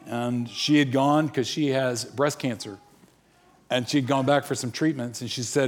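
A man's voice: medium pitch, normal speed. A man preaching a sermon, telling stories and acting out the quoted dialogue. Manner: animated, acts out quoted dialogue. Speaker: pastor. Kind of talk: sermon storytelling.

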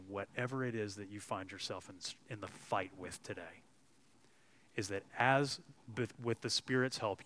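A man's voice: lowish voice, fairly bright tone, a little hiss or hum. A man preaching a sermon as a pastor, earnest and storytelling. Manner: earnest, storytelling delivery with some restarts.

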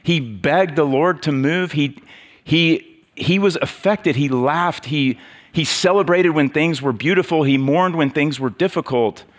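A man's voice: on the high side, measured pace. A man giving a casual, conversational sermon, with many fillers and restarts.

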